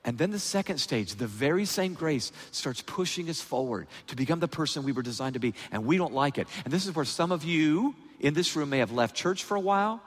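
Husky man preaching in a reverberant hall. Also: fairly quick, few pauses. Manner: lively, animated preaching with big pitch swings. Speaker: guest preacher. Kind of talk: sermon.

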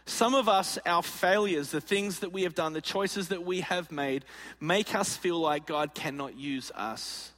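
An Australian pastor preaches a sermon, spinning a funny story and playfully acting out its characters at a slightly slow pace. His high, bright voice rings with the long reverb of a large auditorium.

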